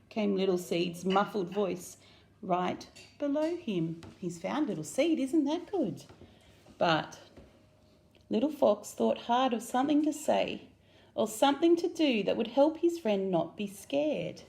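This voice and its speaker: A woman with an Australian accent reading a picture book aloud to children, animated and asking them questions. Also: on the high side, a little slow, vocal fry. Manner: animated, asks listeners questions. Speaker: children's story reader.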